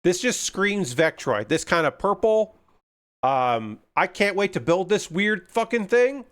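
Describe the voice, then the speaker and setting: This man's voice is high-pitched and a bit slow as he livestreams himself working on model kits. Casual and chatty, he talks under his breath, swears without a second thought, and sounds thrilled by the kits.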